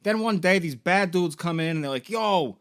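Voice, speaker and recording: A man's voice: sits high, fairly quick, fairly bright tone, clear, resonant tone. Rambling, profane young man recapping games. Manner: rambling, profane, full of fillers. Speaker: toy and game store host. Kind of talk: casual story recap.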